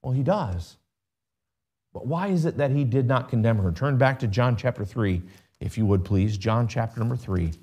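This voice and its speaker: A man's voice: mid-range voice, brisk, darkish tone. A man preaching a sermon, asking his congregation rhetorical questions and reading scripture in King James wording.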